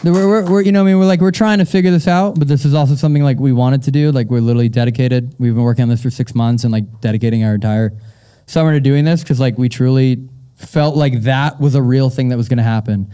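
A man's voice: mid-range voice, fast talker, warm tone, clear, resonant tone. A young man co-hosting a live show, chatting loosely, repeating words, laughing often, then reading a story aloud. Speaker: co-host of a live paranormal show. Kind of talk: casual live stage chat and reading aloud. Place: live show in a castle venue.

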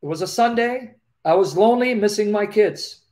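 A man's voice: high-pitched, moderate pace, darkish tone. A man hosting a live Q&A over a video call, telling a personal story in an earnest, emotional way and often repeating his phrases. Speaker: host of a live Q&A.

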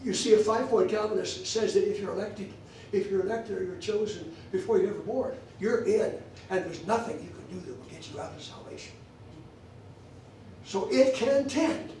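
Guy teaching at church, highish voice, repeats himself for emphasis, super echoey room, mic way off. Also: normal speed, warm tone, far from the mic, slight background noise. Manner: emphatic, repeats phrases for stress. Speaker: pastor teaching a theology class.

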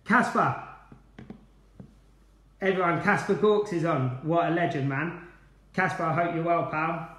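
A man's voice: on the high side, moderate pace, a bit bright, roomy sound. A man hosting a live online quiz night, chatty and upbeat as he greets viewers by name. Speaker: quiz host, former player.

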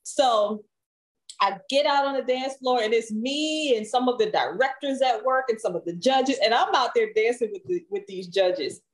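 Relaxed chatty woman telling a story. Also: on the high side, moderate pace, poor audio. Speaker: singer, podcast guest. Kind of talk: storytelling in an interview.

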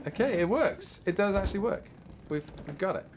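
A man's voice: high-pitched, animated, brisk. A man hosting a gaming stream, chatting upbeat with friends and laughing often. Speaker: stream host. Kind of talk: casual gaming chat. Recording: noisy voice chat.

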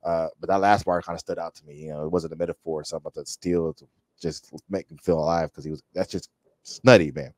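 A man's voice: sits low, fairly even intonation, quick pace, no room sound, clean studio sound. A man hosting a reaction video, thinking aloud and talking straight to his viewers, often repeating words as he searches for them. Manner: addresses the viewers directly. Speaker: reaction channel host. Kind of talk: casual reaction commentary.

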